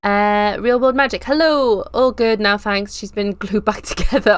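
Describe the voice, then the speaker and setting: A woman in her thirties hosting a casual live stream, chatty, excitable and a little nervous, drifting onto tangents. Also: medium pitch, normal speed, hardly any pauses, clear, resonant tone, no echo. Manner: nervous, giggly.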